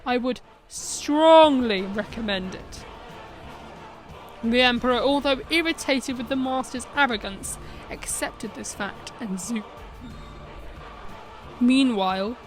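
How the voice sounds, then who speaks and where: A woman narrating a fan short story in a brisk storytelling manner. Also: high-pitched, a bit bright, faint music behind.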